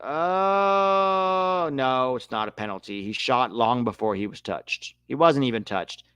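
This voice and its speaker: A man hosting a live match watch-along, calling the play with excitable outbursts. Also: on the low side, moderate pace, no echo. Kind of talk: live match reaction commentary.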